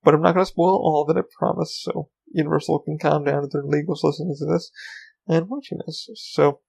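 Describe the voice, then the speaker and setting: Casual male podcast host, slightly high, gravelly voice, rambling and profane. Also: steady tone, a little fast, a little mellow, low-quality recording. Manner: rambling, swears freely, frequent ums. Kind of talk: casual solo podcast chat.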